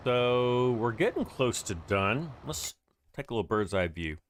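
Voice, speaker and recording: A man's voice: mid-range voice, big pitch swings, a little slow, a little hiss or hum. A man hosting a casual gameplay livestream, chatting to viewers and greeting them by name as he plays. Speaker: livestream host.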